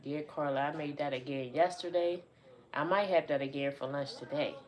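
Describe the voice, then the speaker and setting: A woman's voice: low-pitched, normal speed, lo-fi sound. A woman hosting a casual livestream from home, laid-back and chatty with her viewers. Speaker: livestream host. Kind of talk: casual live chat. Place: indoors at home by a window.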